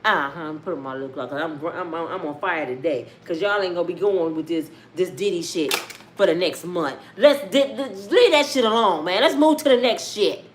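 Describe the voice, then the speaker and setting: A woman giving casual, profane celebrity gossip commentary in a loud, animated way. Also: lowish voice, moderate pace, a little hiss or hum. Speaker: vlogger.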